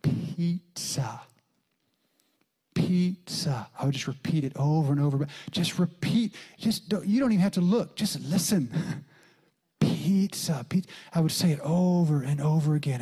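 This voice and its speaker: A middle-aged man preaching a sermon as a pastor, telling a story with lively jumps in pitch and soft whispered quotes. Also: a little fast, few pauses, husky.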